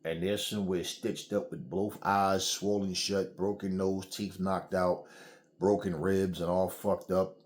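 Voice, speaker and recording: Middle-aged male host, low-pitched, angry blunt rant with heavy cursing. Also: little pitch movement, measured pace. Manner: blunt, heated, swears freely. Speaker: channel host. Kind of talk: angry solo commentary.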